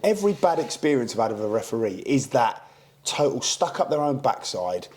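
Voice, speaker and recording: A man co-hosting a podcast in a pub back room, an ex-footballer telling animated stories. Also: medium pitch, brisk. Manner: animated, tells stories with acted quotes. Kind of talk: casual chat.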